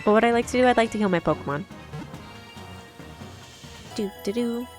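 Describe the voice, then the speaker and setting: A giggly young woman streamer reads out chat and reacts while she plays, her voice swooping animatedly up and down. Soft background music runs quietly under her casual chatter. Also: on the high side, lively intonation, racing.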